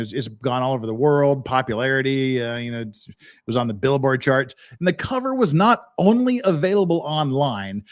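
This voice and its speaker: A man hosting a live legal commentary stream, joking with his chat and breaking down a lawsuit. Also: medium pitch. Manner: animated, joking, chatty with chat. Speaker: podcast host.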